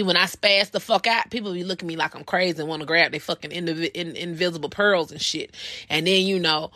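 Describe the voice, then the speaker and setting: A woman's voice: medium pitch, pushed and bright, no room sound, clean studio sound. A woman in her thirties hosting a personal podcast, telling a story in a blunt, profane, heated way. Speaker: podcast host.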